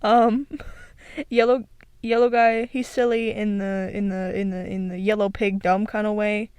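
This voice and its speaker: A woman's voice: medium pitch, little pitch movement, unhurried, darkish tone, smooth, no echo. A young woman chatting casually on her own into a desk microphone, rambling and giggling with many restarts. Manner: rambling, giggly, self-interrupting. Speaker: video creator. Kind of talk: casual solo commentary. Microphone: desk microphone with echo filter.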